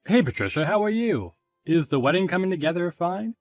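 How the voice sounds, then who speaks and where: A man's voice: sits high, sing-song, fairly quick, no room sound, soft background music. A man voicing a friendly, chatty young guy. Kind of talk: animated story voice acting.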